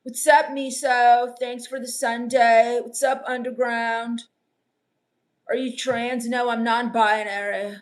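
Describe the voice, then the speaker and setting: On a comedy stream, a woman voices a moody, contemptuous goth vampire teenager, dryly mocking the chat messages she reads out. Her pitch is a little high and her delivery slow.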